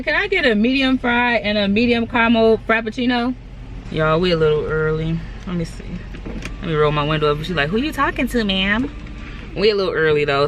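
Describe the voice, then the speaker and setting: A young woman, chatting in a casual storytime vlog from her car and a store, animated and playful as she acts out the people in her stories. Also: sits low, noisy background. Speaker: vlogger.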